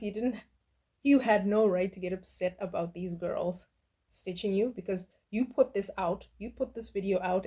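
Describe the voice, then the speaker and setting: A middle-aged woman dishing out casual reaction commentary. She is blunt and sassy, with a mocking edge and dismissive asides, and her voice sits at an ordinary pitch for a woman. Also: a little mellow. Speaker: reaction video host.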